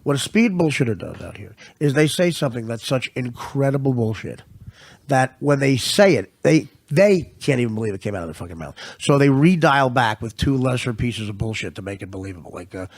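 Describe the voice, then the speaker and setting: A man's voice: mid-range voice, sing-song, brisk, gravelly. A man hosting a comedy podcast, telling rambling, profane stories and laughing often. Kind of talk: comedic storytelling.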